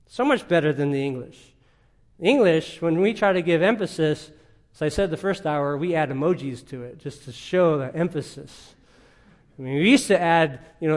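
Male preacher, emphatic, conversational, fairly high voice. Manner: emphatic, conversational teaching with rhetorical questions. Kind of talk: sermon.

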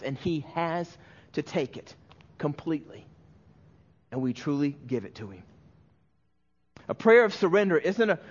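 Male pastor, earnest emotional sermon delivery, raised pitch, dull lo-fi recording. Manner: earnest, emotional storytelling with many restarts and quiet dips.

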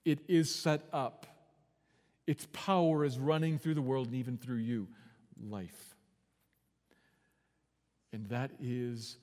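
A man preaching a sermon as pastor, earnest, swinging from quiet and slow to loud and urgent. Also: mid-range voice, in a large hall. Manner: earnest preaching with big swings in volume and pace.

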